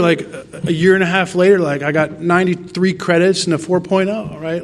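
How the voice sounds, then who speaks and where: Middle-aged man, recovery testimony, rambling and heartfelt, voice sitting a bit high. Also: fairly even intonation, a little fast. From Tennessee. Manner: earnest, rambling storytelling with quoted dialogue. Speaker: recovery meeting speaker. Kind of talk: personal testimony talk.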